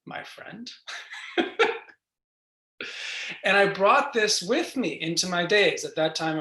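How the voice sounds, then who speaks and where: A meditation teacher from New York giving a gentle, reflective guided meditation talk over a video call, with soft laughs. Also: mid-range voice. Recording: roomy echo.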